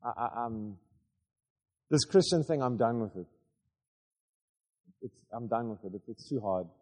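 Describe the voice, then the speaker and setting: A male preacher voicing a tired, troubled man who says he is giving up, in a low, quiet voice. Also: expressive, measured pace, long reverb tail. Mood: weary, defeated.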